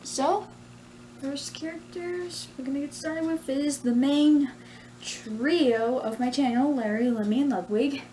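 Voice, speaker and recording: A woman with a high-pitched, warm voice speaks at a measured pace, chatting casually in a vlog about her plush characters. She's giggly, rambling and pleased with herself, a plush video creator on a rough recording with a slight hiss or hum.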